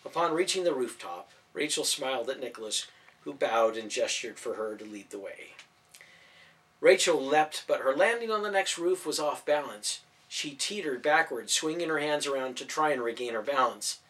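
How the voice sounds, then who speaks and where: A man narrating a storybook in expressive audiobook style. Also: medium pitch, normal speed. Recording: voice from a distance off mic.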